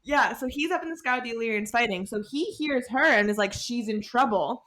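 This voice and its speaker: A woman's voice: fairly high pitch, animated, quick pace, a bit bright. A young woman co-hosting a casual podcast, retelling a story animatedly with laughs and quoted voices. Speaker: podcast co-host. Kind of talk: casual book-discussion chat.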